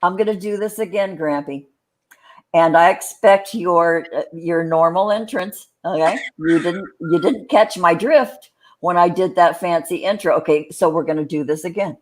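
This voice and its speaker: A woman's voice: fairly low pitch, moderate pace. A woman co-hosting a live stream, rambling chattily and greeting viewers by name. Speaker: co-host.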